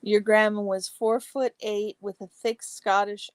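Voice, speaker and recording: Slow, chatty woman livestream host. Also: medium pitch, steady tone, smooth, no echo. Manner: reads viewer comments aloud and answers them warmly by name; chatty, exclamatory, trails into soft asides. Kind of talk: casual chat.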